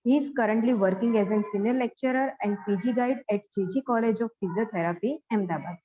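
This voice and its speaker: A woman's voice: fairly high pitch, warm tone, lo-fi sound, a little hiss or hum. A woman with an Indian English accent formally introducing a guest speaker, reading from a prepared introduction.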